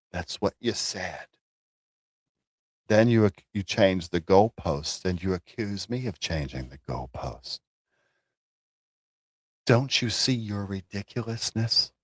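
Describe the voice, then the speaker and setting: A man hosting a casual livestream, talking sarcastically with many halting restarts. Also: low voice, no echo. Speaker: livestream host.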